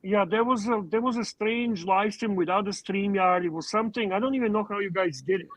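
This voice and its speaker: A high-voiced man chimes in on a casual livestream panel. He speaks hesitantly, repeating words as he searches for what to say. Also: a little fast, rough recording.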